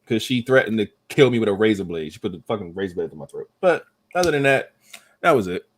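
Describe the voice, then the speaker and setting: A young man hosting a podcast, telling a profane story in casual, animated talk. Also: fairly low pitch, fast talker. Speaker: podcast host.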